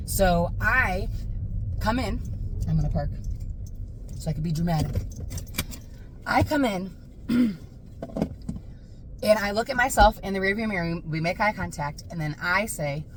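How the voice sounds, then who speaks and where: A woman's voice: medium pitch, lively intonation, a little slow, pauses often. A woman in her thirties telling a candid, emphatic personal story while driving, often repeating herself for weight. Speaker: vlogger. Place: inside a car. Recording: loud road noise behind.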